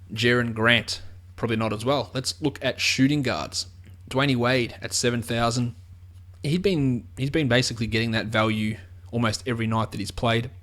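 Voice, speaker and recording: Australian man breaking down fantasy picks. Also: medium pitch. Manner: conversational, restarts and repeats words. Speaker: fantasy basketball analyst. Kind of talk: casual solo sports analysis.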